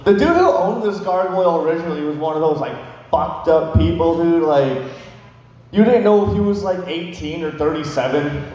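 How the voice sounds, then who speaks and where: A man's voice: a little high, expressive, normal speed, a little mellow. A young man in his twenties doing stand-up storytelling, rambling and swearing with lots of fillers. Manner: rambling, profane, filler-heavy. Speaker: stand-up comedian. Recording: echoey hall with long reverb.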